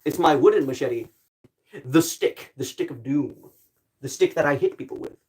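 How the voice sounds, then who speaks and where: A man's voice: on the high side, darkish tone. Playful rambling young male streamer. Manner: rambling and playful, many "like" fillers, quick bursts. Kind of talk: casual livestream chat.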